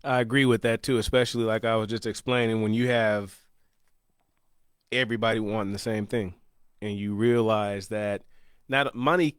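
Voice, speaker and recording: A man's voice: lowish voice, fairly even intonation, moderate pace, smooth, no echo, clean studio sound. A man hosting an interview, talking casually and agreeably with many fillers. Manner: conversational, agreeable, filler-heavy. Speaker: interview host.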